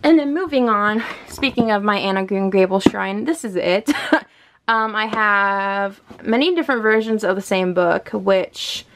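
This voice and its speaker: A young woman talks through her bookshelf in a chatty, gushing way, a slight gravelly fry running under her mid-range voice. Her home recording carries a faint hiss behind her. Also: mid-range voice, measured pace, a bit bright. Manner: gushing and chatty, often laughs. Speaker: book vlogger. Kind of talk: casual vlog chat.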